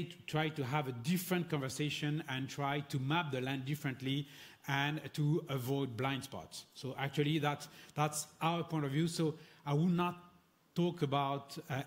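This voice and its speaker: A man with a French accent, a Dominican friar speaking as a guest on a panel in a measured, hesitant way with many fillers. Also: mid-range voice. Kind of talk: panel discussion.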